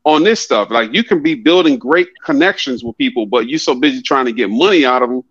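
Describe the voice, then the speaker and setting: A man's voice: mid-range voice, expressive, brisk, a bit bright, breathy edge, no room sound, dull audio. A man who is a guest on a podcast, talking in a blunt, preachy, profane, casual way. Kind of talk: casual chat.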